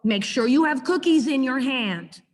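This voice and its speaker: A woman's voice: high-pitched, animated, unhurried, big-room sound. A middle-aged woman teaching a puppy training class on a video call, chatty and acting out her corrections to the dog. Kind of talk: online class lecture.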